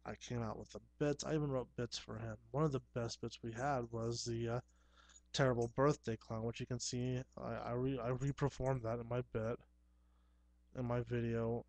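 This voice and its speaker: A man's voice: medium pitch, level tone, moderate pace, a little mellow, dry recording. A man, a clown performer, talking through a casual rambling monologue in an earnest, self-assured way, often restarting his sentences.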